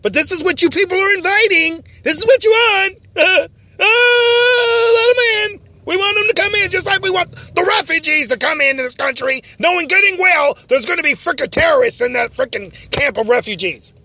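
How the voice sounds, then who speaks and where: A man hosting a mock talk-radio show, ranting and often shouting in a mocking tone. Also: very high-pitched, animated, a little fast, hardly any pauses.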